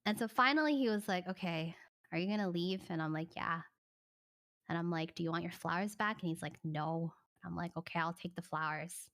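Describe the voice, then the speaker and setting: A young woman streamer casually telling a story to her chat, animated and laughing, acting out the voices of the people in it. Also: lowish voice, fairly quick.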